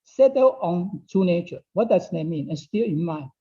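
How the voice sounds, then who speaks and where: Dark-voiced man teaching a Dao class. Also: sits high, animated, normal speed. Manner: repeats phrases, asks "okay?" often; non-native English phrasing. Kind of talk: online Dao study class talk. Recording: dull lo-fi online class audio.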